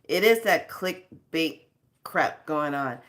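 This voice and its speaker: A woman with a low voice talks slowly and casually on her spiritual channel. She scolds and rambles, wandering off on tangents. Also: expressive, a bit bright. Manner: scolding, rambling, laughs between stories. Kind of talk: casual spiritual vlog talk.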